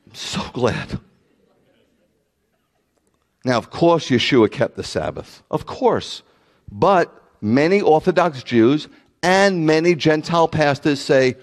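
A man preaching with a lively, swooping delivery and a voice on the higher side. He acts out his critics' lines in mocking tones. His sermon rings with the long reverb of a hall. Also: unhurried. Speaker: rabbi.

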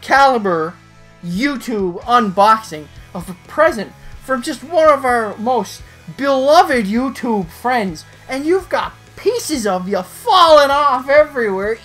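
A woman's voice: sits high, a bit bright. A woman hosting a casual toy unboxing vlog, jokey and playful, laughing often. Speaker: channel host.

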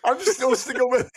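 A man co-hosting a casual book discussion podcast, excitable and rambling, breaking into laughter often. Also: very high voice, breathy edge. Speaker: podcast co-host.

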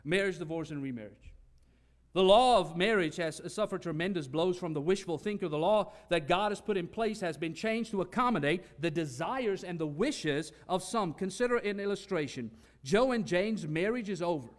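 A man's voice: sits high, expressive, normal speed, hardly any pauses. A man preaching a sermon, earnest and emphatic, teaching with repeated phrases.

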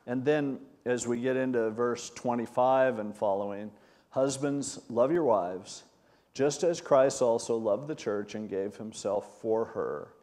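An older man, a pastor in his sixties, teaches a sermon in an easygoing, conversational way. He moves into animated storytelling when he recounts an anecdote, and his voice sits at an ordinary middle pitch. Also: a little slow.

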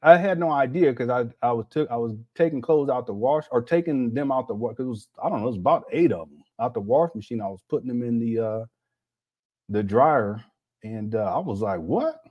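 A man's voice: medium pitch, a little fast, muffled recording. A man hosting a casual reaction commentary, rambling with many restarts and scornful asides. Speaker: commentary host.

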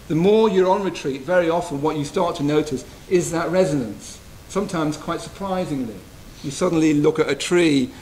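A man giving a gentle, reflective Buddhist retreat talk, often checking in with his listeners. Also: a little high, a little hiss or hum, low-quality recording. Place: retreat hall.

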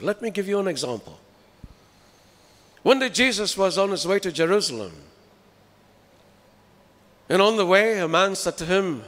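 A man's voice: a little high, a bit bright. A man preaching a sermon with emphasis, putting rhetorical questions to his listeners. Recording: reverberant hall.

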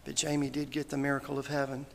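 A man's voice: medium pitch, completely flat delivery, fast, creaky. A man giving a funeral sermon, earnest and folksy, quoting scripture. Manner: earnest, folksy, quotes scripture and others with rising emotion. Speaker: minister giving a funeral eulogy. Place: church hall. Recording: hall reverb, faint background noise.

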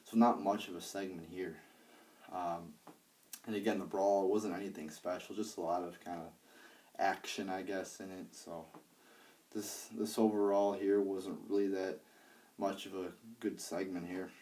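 A young man with a low, dark, mellow voice talks through a wrestling show he watched, rambling and cursing freely and restarting his sentences. He sounds set back from the microphone, as if recording on a tablet held away from him. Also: little pitch movement, normal speed, recorded from a distance. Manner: rambling, profane, many fillers and restarts. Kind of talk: casual spoken review. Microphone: handheld iPad.

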